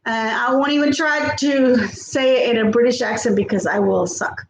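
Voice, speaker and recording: Woman host, chatty, high-pitched, echoey room recording. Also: moderate pace. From Texas. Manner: chatty, greets viewers by name, lots of fillers. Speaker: livestream host. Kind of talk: casual livestream chat reading viewer comments. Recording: echoey room with faint background noise.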